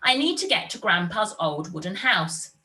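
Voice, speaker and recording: A woman's voice: mid-range voice, big pitch swings, moderate pace, bright, forceful tone, recorded from a distance. A woman voicing a polite small child in a storybook read-aloud, speaking in a pleading way.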